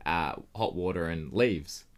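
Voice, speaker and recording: Young male co-host with a lower voice, dry and teasing in casual banter. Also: measured pace. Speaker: podcast co-host. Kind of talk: casual chat.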